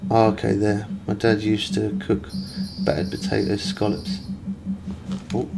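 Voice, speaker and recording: Chatty male streamer, low voice, steady hiss behind him. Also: unhurried, creaky. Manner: rambling, chatty, reads viewer messages aloud. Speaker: game streamer. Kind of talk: casual live-stream chat. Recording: steady background noise.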